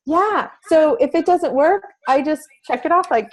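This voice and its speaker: Her voice is high and unhurried here, captured on a low-quality recording. The middle-aged parent advocate talks earnestly as an interview guest, saying a lot and frequently restarting.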